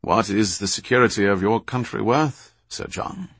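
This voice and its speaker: A man's voice: on the low side, normal speed, a bit bright, breathy edge, dry recording. A man voicing a dry, sardonic British intelligence officer in an audiobook. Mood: wry.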